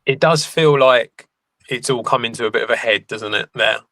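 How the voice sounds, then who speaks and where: A man's voice: mid-range voice, moderate pace, bright, forceful tone, no echo. A man co-hosting a sports podcast, agreeing readily and hedging his views in casual chat. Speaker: podcast co-host.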